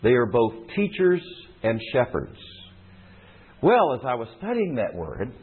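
Male pastor, lively teaching sermon, husky, thin phone-like sound. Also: mid-range voice, measured pace. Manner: teaching, explanatory, repeats phrases for emphasis.

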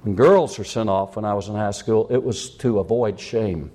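A man's voice: lowish voice, normal speed, mellow. An older man preaching a sermon with passion, repeating lines for emphasis and asking rhetorical questions.

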